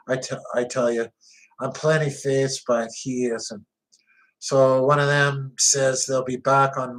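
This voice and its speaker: A man reads an audiobook in the first person, telling a tough street story in a gritty, conversational way. His pace is slow and deliberate, and his pitch sits in an ordinary middle range. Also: a bit bright, poor audio. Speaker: audiobook narrator.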